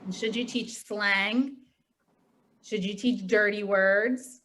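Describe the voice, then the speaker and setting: A woman's voice: medium pitch, takes it slowly. A woman from Pittsburgh, a tutor trainer, giving a chatty training talk over a video call and telling anecdotes. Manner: chatty, animated storytelling with lots of "like".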